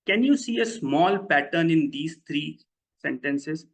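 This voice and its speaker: A man's voice: fairly high pitch, animated, a little slow, gravelly, rough recording. A man gives a live online lecture, explaining step by step and often asking his audience questions. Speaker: webinar presenter.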